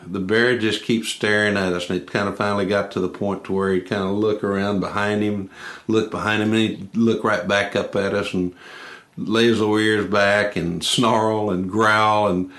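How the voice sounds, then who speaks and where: A man's voice: fairly low pitch, little pitch movement, moderate pace, a bit bright, reverberant. Folksy man telling a hunting tale. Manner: folksy, drawling, many restarts and "I said". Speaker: hunter telling a story. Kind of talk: casual spoken storytelling.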